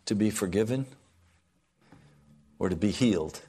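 A man preaching a sermon to a congregation, swinging from loud pleading to soft, hushed lines. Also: lowish voice, expressive, unhurried, slightly rough.

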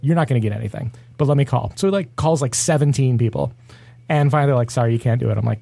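Man, fast, animated storytelling, dry recording. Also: medium pitch, gravelly, dry recording. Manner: animated storyteller, acts out dialogue. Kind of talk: casual chat.

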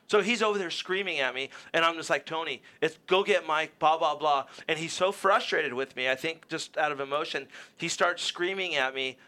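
A man's voice: a little high, normal speed, hardly any pauses. A man who manages a racing team, telling a heated story in a casual radio chat and acting out what others said. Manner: animated storyteller, acts out quotes.

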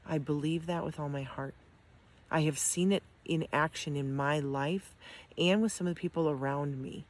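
A woman's voice: sits low, steady tone, moderate pace. A middle-aged woman, an amputee, giving a heartfelt motivational talk, earnest and encouraging, with frequent ums and restarts. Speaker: amputee sharing her experience.

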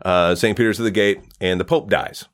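Animated man telling jokes. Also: a little fast. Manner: animated storyteller, acts out characters with pitch jumps. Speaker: podcast host. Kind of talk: casual joke telling.

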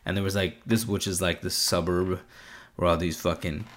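A man's voice: low-pitched, little pitch movement, normal speed, fairly bright tone. A young man telling stories to a camera in a casual, rambling, profane way, with many fillers and bursts of laughter. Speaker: vlogger. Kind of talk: casual storytelling.

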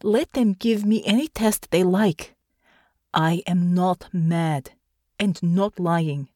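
A woman's voice: mid-range voice, measured pace, darkish tone, no echo, clean studio sound, close to an everyday voice. A woman voicing an injured female ex-soldier guard who talks formally and without contractions in an audiobook. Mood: earnest. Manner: formal clipped speech without contractions, drops articles. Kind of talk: audiobook character voice.

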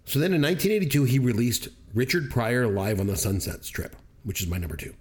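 A man's voice: mid-range voice, fairly quick, a little mellow. Podcast guy hyping up a story, emphatic, regular mid voice. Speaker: podcast co-host. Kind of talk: casual podcast chat.

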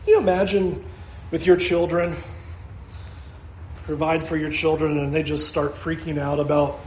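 A man's voice: fairly high pitch, level tone, normal speed, darkish tone, roomy sound, a little hiss or hum. A man preaching a sermon as pastor, earnest and repetitive, asking his listeners question after question.

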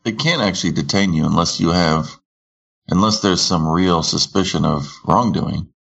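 Male co-host, laid-back and dry; a gravelly low voice. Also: normal speed, a bit bright. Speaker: podcast co-host. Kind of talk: casual chat. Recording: slightly dull lo-fi audio.

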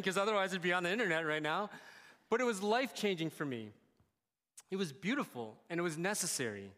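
Earnest pastor preaching in a reverberant hall. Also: male voice, sits high, a bit bright. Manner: candid storytelling, emotional, conversational. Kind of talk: sermon.

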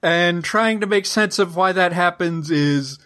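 A man's voice: high-pitched, a little slow, bright, forceful tone. A man co-hosting a podcast, talking through a linguistics topic in a casual, hesitant way, with many fillers and restarts. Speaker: podcast co-host.

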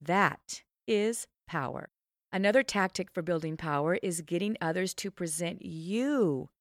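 A woman's voice: no echo, studio quality. Emphatic woman host, punchy coaching tone. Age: middle-aged. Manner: emphatic, animated coaching tone with sudden high swoops. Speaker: podcast host and trainer. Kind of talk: self-help podcast monologue.

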